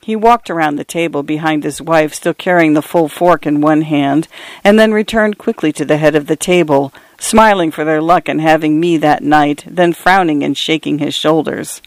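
A man reading a literary novel as an audiobook narrator in a measured, even way. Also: a little high, no echo.

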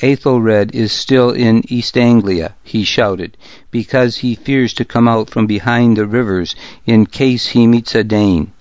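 A man voicing a furious, scornful Danish warlord who shouts insults. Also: medium pitch, fairly even intonation, unhurried, dry recording, dull audio, close to an everyday voice. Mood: sneering.

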